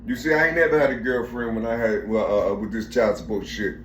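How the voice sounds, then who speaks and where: A man's voice: mid-range voice, fairly even intonation, fast, a bit bright, slight background noise. A middle-aged man telling a rambling, profane personal story, repeating himself and searching for the right words, recorded in an echoey room. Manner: profane, repetitive, searching for words, keeps saying "you see".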